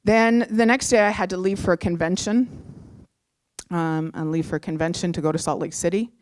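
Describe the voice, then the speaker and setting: A middle-aged woman from Canada telling a personal story, heartfelt, moving between animated and hushed moments. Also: fairly low pitch, moderate pace, slight background noise.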